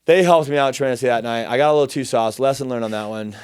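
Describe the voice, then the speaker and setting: A young man telling a story in a casual chat, animated, profane and self-deprecating. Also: mid-range voice, rapid-fire, smooth, no echo.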